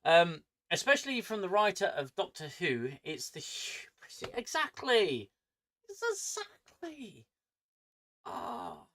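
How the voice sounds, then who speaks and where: A man's voice: fairly high pitch, wildly swooping pitch, unhurried, few pauses, a bit bright, a little hiss or hum. A man with an angry manner who swears a lot, ranting casually on his livestream from home. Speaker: streamer.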